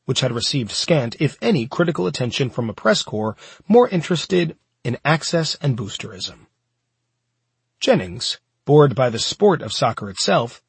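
A man narrates a nonfiction audiobook in a very husky, breathy voice, his pitch rising and falling with lively movement. He keeps a steady, measured storytelling pace. The recording is close and dry, with no room sound around him. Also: no room sound.

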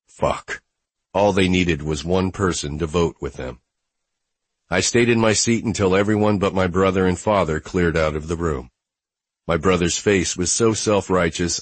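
A man narrating a first-person novel as an audiobook, in a wry, low-key manner. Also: husky, no room sound.

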